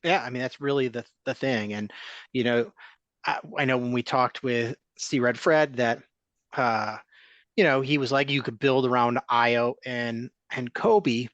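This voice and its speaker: A man's voice: mid-range voice, fairly even intonation, unhurried, a bit bright, dry recording, lo-fi sound. A man hosting a casual sports podcast, ranting as he stacks up complaints.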